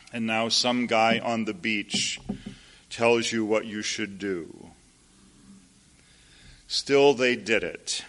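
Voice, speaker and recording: Male preacher, measured sermon storytelling, slow delivery, asides to the congregation. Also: medium pitch, a bit bright. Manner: unhurried storytelling with asides to listeners.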